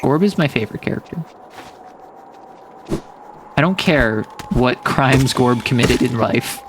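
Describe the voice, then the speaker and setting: A man's voice: mid-range voice, lively intonation, unhurried, a little hiss or hum. A man streaming a game, playfully musing and giggling as he plays. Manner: playful, giggly, muses aloud. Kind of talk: gameplay commentary. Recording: voice over loud game music.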